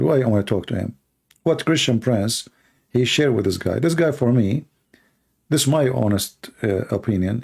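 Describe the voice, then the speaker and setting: Brief: hoarse, gravelly host with non-native English, argumentative and full of rhetorical questions. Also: male voice, medium pitch, darkish tone. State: hoarse, coughing. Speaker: debate livestream host. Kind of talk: live stream Q&A monologue.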